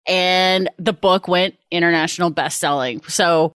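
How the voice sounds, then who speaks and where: A woman's voice: on the low side, fairly even intonation, a little slow, fairly bright tone, smooth, dry recording, clean studio sound. A woman co-hosting a casual chat, talking earnestly about herself with upbeat asides. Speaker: podcast co-host.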